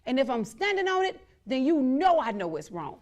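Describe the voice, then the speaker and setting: Speaking at normal speed, a woman with a high-sitting, darkish voice swings widely in pitch. She's the host of her own show, outspoken and defiant as she tells viewers the same emphatic points again and again.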